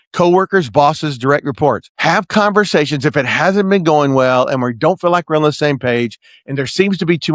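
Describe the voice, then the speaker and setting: Earnest man coaching, slightly high voice. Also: fairly bright tone, no echo, studio quality. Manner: earnest, preacher-like, keeps asking "right?". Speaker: podcast host and management consultant. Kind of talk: motivational coaching talk.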